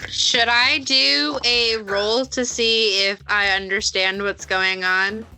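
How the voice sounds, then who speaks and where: A woman's voice: a little high, fairly even intonation, slow pace, bright, forceful tone, clear, resonant tone, soft background music. A woman playing a tabletop role-play game, upbeat and playful about her dice rolls. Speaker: player.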